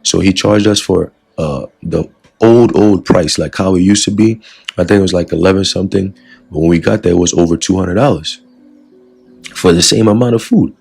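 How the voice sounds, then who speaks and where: Low gravelly guy rambling through a dream testimony, casual lesson vibe. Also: normal speed, a little mellow, soft background music. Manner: casual and rambling, with many fillers. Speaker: teacher of a religious group. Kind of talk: spoken testimony and scripture lesson.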